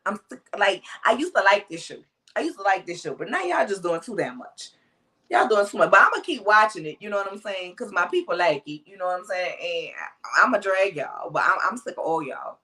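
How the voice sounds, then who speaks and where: A woman co-hosting a casual livestream chat, loud and brash, ranting with a lot of attitude. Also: medium pitch, lively intonation, a little fast. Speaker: co-host.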